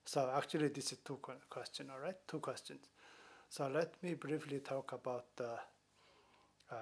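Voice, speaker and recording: Hesitant man teaching a language class. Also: medium pitch. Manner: hesitant, many "uh" fillers and restarts. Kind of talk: explanatory lesson talk.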